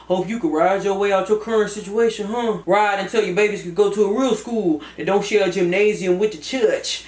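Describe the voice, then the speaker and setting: A brash older cousin with an Atlanta accent talks in a deeper voice, as a woman puts her on. She teases and hands out crude advice for a cartoon. The room sounds echoey. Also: a little fast, a little mellow, close to an everyday voice. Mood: teasing. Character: blunt older female cousin giving advice.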